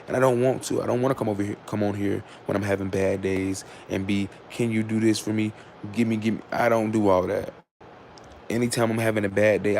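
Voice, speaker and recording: With a low, gravelly voice and a little hiss or hum in the audio, a man hosts his own livestream. He chats candidly and casually, rambling through fillers and restarts, sarcastic, and at times loudly scolds commenters.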